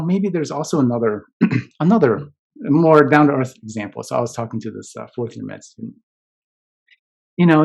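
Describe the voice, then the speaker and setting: Man, keynote speaker, conversational, gravelly, slightly raspy. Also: medium pitch, a little mellow. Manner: conversational, many fillers and "right?" tags. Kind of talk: casual keynote talk.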